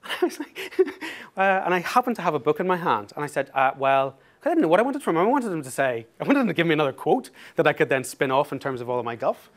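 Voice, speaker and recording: A man's voice: on the high side, very fast, few pauses. Self-mocking man telling a story. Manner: lively, self-mocking, laughs through the story. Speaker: author giving a talk. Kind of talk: anecdotal storytelling presentation.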